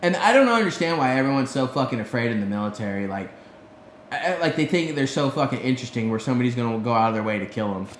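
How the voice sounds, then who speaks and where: A man co-hosting a podcast, telling stories in a casual, profane, animated way. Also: mid-range voice, quick pace, echoey room, a little hiss or hum. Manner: profane, animated storyteller, heavy swearing. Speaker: podcast co-host. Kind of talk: casual storytelling chat.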